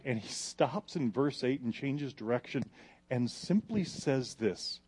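Man, preacher, sermon, dramatic, hushed then emphatic, mid pitch. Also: lively intonation, measured pace, husky. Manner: dramatic, swings from hushed to emphatic when quoting scripture.

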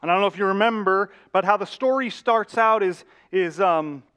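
A man's voice: sits high, moderate pace, a bit bright, clean tone. A male pastor preaching a sermon, telling a story vividly and addressing the congregation directly.

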